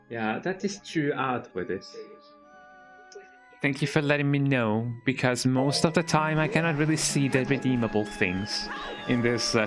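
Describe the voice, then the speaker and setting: A man streaming a game, rambling and joking in casual commentary and tagging lines with "eh?". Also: medium pitch. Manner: rambling, jokey, with tag-question "eh?". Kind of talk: casual live-stream commentary while playing. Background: game music.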